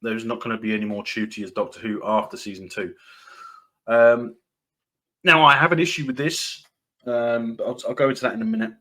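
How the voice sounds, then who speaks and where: A man talking casually on his own commentary channel, in a voice of ordinary middle pitch. He rambles with lots of ums and restarts, breaks in with short dry laughs, and is dismissive and repetitive as he hammers his points. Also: steady tone, a little fast, bright, forceful tone. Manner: dismissive, repeats points for emphasis. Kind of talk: casual opinion commentary, reading news excerpts.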